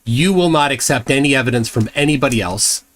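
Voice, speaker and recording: A man's voice: mid-range voice, animated, fairly quick, fairly bright tone. A man hosting a live show, arguing bluntly and sarcastically in a heated debate, often talking over the other person.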